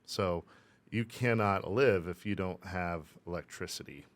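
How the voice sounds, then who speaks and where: A man's voice: sits low, unhurried. A man co-hosting a casual podcast discussion, talking in a rambling way and arguing the other side. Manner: rambling, playing devil's advocate. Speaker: podcast co-host.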